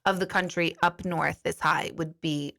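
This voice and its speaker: Her voice is low and fairly bright, with vocal fry, a fairly even intonation and a slightly slow pace. She is an intuitive medium and life coach replying to viewer comments in a frank, talkative studio live stream, cursing now and then before apologizing.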